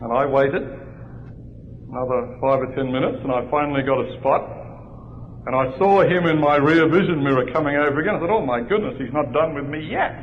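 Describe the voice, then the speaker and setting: A male pastor telling a humorous personal story during a sermon, in a lively storytelling manner. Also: fairly high pitch, moderate pace, slight background noise. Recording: dull lo-fi recording in a large reverberant hall.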